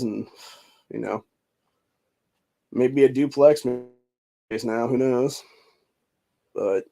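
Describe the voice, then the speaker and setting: A man's voice: mid-range voice, a little mellow. A man hosting a political podcast, talking in a rambling, profane way, full of fillers like "dude" and "bro". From Ohio. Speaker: podcast host. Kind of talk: casual political commentary.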